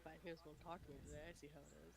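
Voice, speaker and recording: A woman's voice: low-pitched, flat delivery, rapid-fire, gravelly, noisy background. A woman joking around in casual chat with her gaming group. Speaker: player.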